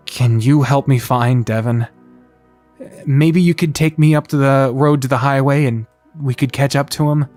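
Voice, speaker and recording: Man, story game narrator, excitable, swears in asides, mid-pitched voice.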